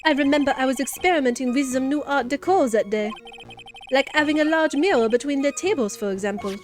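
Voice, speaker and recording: A woman's voice: high voice, fairly quick, soft background music, natural voice. Woman putting on a hammy French chef. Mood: flamboyant. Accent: exaggerated fake French. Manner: theatrical, sing-song, over the top. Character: flamboyant flirtatious French male chef.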